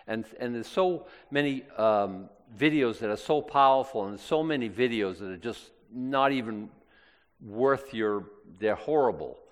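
A man's voice: mid-range voice, big-room sound. A man teaching from the Bible to a congregation in a loose, conversational way, with restarts and side remarks. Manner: chatty, digressive, with frequent restarts and asides. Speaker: pastor.

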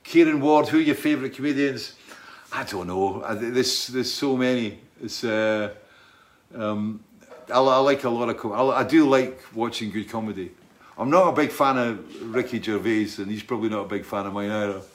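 A middle-aged man, a singer, chatting casually as he answers viewer questions and tells stories in a rambling, halting way. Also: mid-range voice. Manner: rambling, halting, full of restarts and asides. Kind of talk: casual chat, storytelling.

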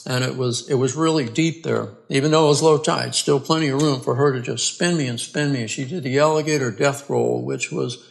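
A man, a podcast guest, earnestly telling his own story in a halting way, restarting and repeating words. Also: medium pitch, creaky. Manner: earnest and plain-spoken. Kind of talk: conversational storytelling.

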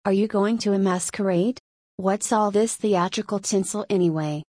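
A woman's voice: medium pitch, normal speed, a little mellow, no room sound, close to an everyday voice. A breezy young male cavalry officer, read by a woman in an audiobook, tossing off his lines in a teasing, offhand way. The sound is close and dry, with no room around it.

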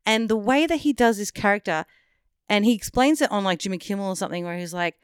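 A woman co-hosts a casual film review chat, blunt and animated. Her voice is smooth and clear, recorded close and dry with no room sound. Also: mid-range voice, quick pace, dry recording. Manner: blunt, animated, swears freely. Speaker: podcast co-host.

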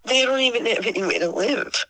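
A woman in her sixties with a Boston accent, a singer telling stories as an interview guest, sentimental and quick to laugh. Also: on the high side, pushed and bright, poor audio. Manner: laughs often, sentimental, sarcastic wit. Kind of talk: emotional storytelling.

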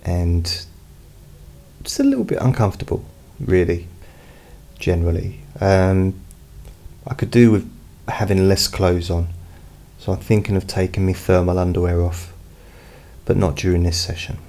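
Slow, deep-voiced man rambling. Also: flat delivery, dark tone. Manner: slow, meandering and rambling, with many fillers. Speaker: hypnotist host. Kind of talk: casual personal update. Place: at home. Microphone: studio mic with pop filter, not close.

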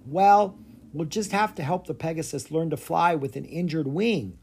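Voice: medium pitch, moderate pace, darkish tone, slight background noise, close to an everyday voice. A storyteller voicing an earnest, bold young boy in a children's storybook.

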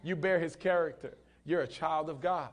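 A male pastor preaching a sermon in church, punctuating his lines with hallelujahs and swinging between loud bursts and quiet lines. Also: a little high, normal speed. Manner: preaching with frequent hallelujahs, swelling and dropping in volume. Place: church hall.

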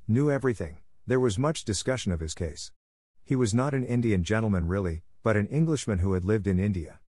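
Recorded dry with clean studio sound, a man narrates an audiobook from a script, his fairly low voice measured and steady.

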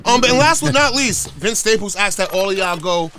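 A man's voice: high-pitched, lively intonation, a little fast. A man hosting a morning radio show, reading entertainment headlines and riffing on them casually. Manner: casual, reads items then riffs. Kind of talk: casual radio news roundup.

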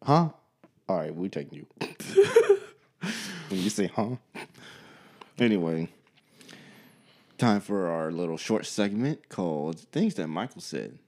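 A man with a fairly low voice, co-hosting a loose comedy podcast. He riffs through absurd what-if scenarios and keeps breaking into laughter. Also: huge pitch swings, slow, pauses often. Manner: laughs often, trails into loud high laughter. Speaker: podcast co-host. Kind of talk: casual comedic banter.

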